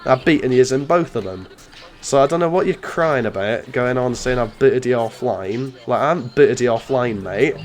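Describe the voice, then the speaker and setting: Male gamer, mid pitch, sneering banter. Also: expressive, normal speed, a little hiss or hum. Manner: sarcastic, mocking, uses "mate" constantly. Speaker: gaming YouTuber. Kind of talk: gameplay commentary and trash talk.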